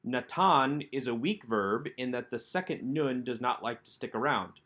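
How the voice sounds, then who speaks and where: A man teaching Biblical Hebrew grammar in a recorded workbook lesson, explaining step by step and slowing down to sound out each word. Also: medium pitch, a bit bright. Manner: methodical, slows down to sound out Hebrew words. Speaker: Hebrew instructor.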